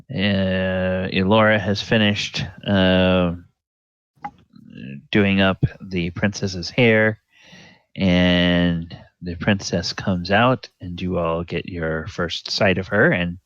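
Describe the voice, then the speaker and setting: A man narrating a tabletop game as dungeon master, talking haltingly with many fillers. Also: low voice, smooth, dry recording, highs cut off.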